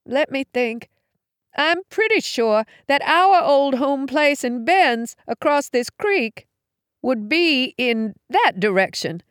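A woman's voice: high voice, expressive, slow, no room sound, studio quality, voice pushed up. A woman reading aloud, voicing a distressed mother fleeing through the woods, angry and weary by turns. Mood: uncertain. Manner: hissing anger turning to weary uncertainty.

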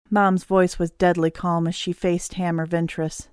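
A woman narrating a first-person audiobook with a steady, even delivery. Her voice is low-set and smooth, and the recording is dry and close. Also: normal speed, hardly any pauses, no room sound.

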